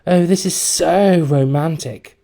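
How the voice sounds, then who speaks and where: A man's voice: lively intonation, normal speed, warm tone. A man voicing a sweet, cheerful schoolgirl in a storybook reading. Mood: chirpy. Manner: high and cheerful. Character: sweet chirpy schoolgirl girlfriend.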